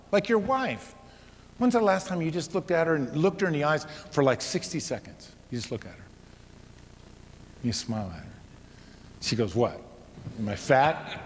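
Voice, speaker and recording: A middle-aged man telling a personal story to an audience, his delivery swinging from loud exhortation to hushed, quiet tones. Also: fairly high pitch. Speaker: speaker. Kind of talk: storytelling talk. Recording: reverberant hall with faint noise.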